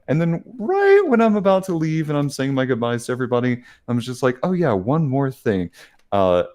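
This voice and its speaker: A man's voice: mid-range voice, a little mellow. A man co-hosting a podcast in casual chat, giggly and rambling with many fillers. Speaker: podcast co-host.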